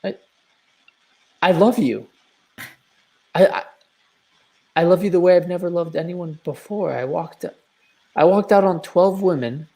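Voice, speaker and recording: An actor reading a blustering lovesick landowner in a live video-call play reading, stammering through impassioned declarations. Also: male voice, high voice, a little slow, vocal fry, long pauses, warm tone. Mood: frantic.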